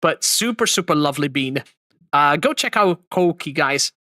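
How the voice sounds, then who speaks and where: Man, livestream host, animated, bright voice, dry sound. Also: on the high side, normal speed, dry recording. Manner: expressive, laughing, mock-outraged rants. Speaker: streamer host. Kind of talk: livestream reaction chat.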